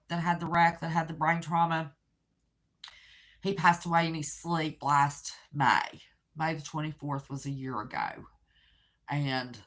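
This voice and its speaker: Low-voiced older woman. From West Virginia. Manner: rambling, heartfelt, with soft laughs. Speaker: channel host. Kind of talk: casual talk to viewers.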